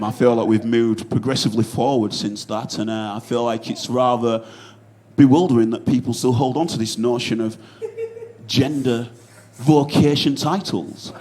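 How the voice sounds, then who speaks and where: A man voicing a prim, well-spoken progressive person who talks in a measured, formal way. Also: mid-range voice, darkish tone, natural voice.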